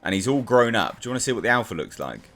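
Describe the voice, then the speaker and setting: A man's voice: medium pitch, big pitch swings, rapid-fire, a bit bright. A man reviewing a comic book in a casual, exasperated and sarcastic rant.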